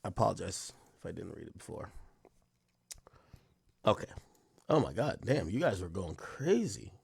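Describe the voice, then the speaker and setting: Male stream host: husky, dry close sound, loose and profane, loud excited bursts. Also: low voice, normal speed, no echo. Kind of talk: casual live-stream chat reading donations.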